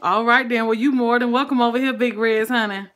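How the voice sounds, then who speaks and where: A woman's voice: fairly high pitch, steady tone, a little fast, fairly bright tone. A woman with a Southern American accent hosting a cooking livestream, chatting casually and calling her viewers "honey" and "child". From Southern United States. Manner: folksy, sprinkles "honey" and "child", greets viewers by name.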